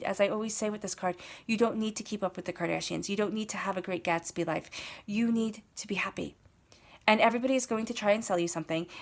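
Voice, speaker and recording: A woman gives a casual tarot reading in a voice of middle pitch. She talks straight to the listener, encouraging and a little rambling, and she likes to repeat her phrases for emphasis. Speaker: tarot reader.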